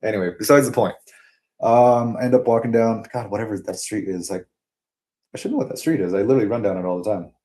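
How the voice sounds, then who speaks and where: Speaking fast in a dark, lowish voice, a male vlogger tells a story to the camera. He's casual and digressive, wandering off topic, cursing freely, and filling his speech with fillers.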